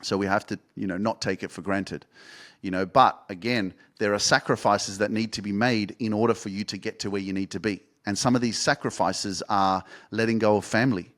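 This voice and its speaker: A young man with a lowish voice tells a personal story on his podcast. He talks casually and candidly, rambling with restarts and dropping swear words freely. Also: fairly even intonation, a little fast, a bit bright. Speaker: podcast host and life coach.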